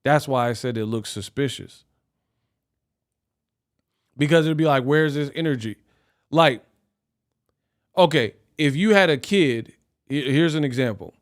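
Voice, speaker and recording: A man's voice: on the high side, smooth. A man hosting a live stream, ranting animatedly in casual talk and laughing often. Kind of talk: casual reaction rant.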